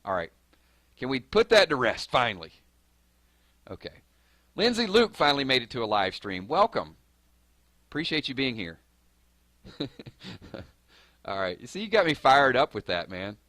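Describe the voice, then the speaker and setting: A young man with a Southern Georgia accent, chatting fast and excitably on a live stream while answering viewers' comments. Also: mid-range voice, no room sound. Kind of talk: casual live-stream chat.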